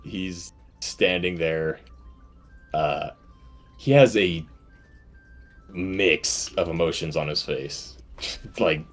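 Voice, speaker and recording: A man's voice: low-pitched, very slow, long pauses, faint music behind. A man playing in a tabletop game, laid-back and laughing as he describes his character. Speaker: player.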